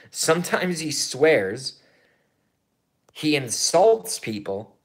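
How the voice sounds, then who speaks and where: This thirty-something YouTuber has a slightly high, breathy voice and speaks very slowly. His political vlog monologue rambles, profane and excitable, shifting from mumbles to outbursts and repeating himself.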